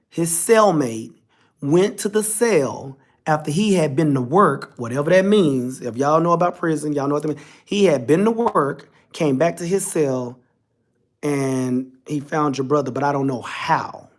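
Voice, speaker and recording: Candid man telling a personal story. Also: on the high side. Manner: candid, emotional, addresses viewers directly. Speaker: vlogger.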